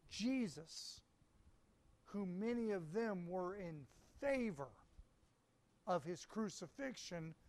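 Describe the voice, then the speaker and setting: Guy preaching a sermon, high voice, reads bible verses slow and deliberate. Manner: reads scripture aloud.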